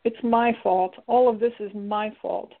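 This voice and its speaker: A woman's voice: mid-range voice, steady tone, unhurried. A woman voicing an intense young male demon who speaks earnestly and urgently. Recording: tinny lo-fi recording.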